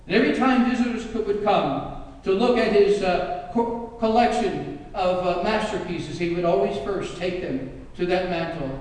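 A male preacher tells a sermon story with dramatic emphasis, his voice fairly high. The recording is distant and echoes heavily through a large hall with long reverb. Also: moderate pace.

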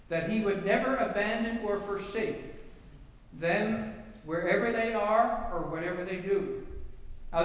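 A man preaching a sermon as a pastor, earnest and emphatic, often repeating and restarting his phrases. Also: high-pitched. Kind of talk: sermon with opening prayer. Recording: echoey hall from far off.

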